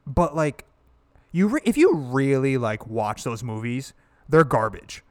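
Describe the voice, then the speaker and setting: A man's voice: medium pitch, very animated, unhurried, darkish tone, no echo, studio quality. A man co-hosting a casual podcast chat, blunt and opinionated, swearing and laughing often. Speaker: podcast co-host.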